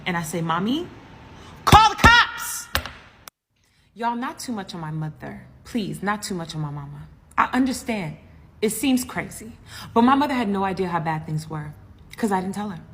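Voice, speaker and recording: A woman telling a comedic story time, animated and dramatic, with frequent asides to the audience. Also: mid-range voice, a little hiss or hum. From US East Coast.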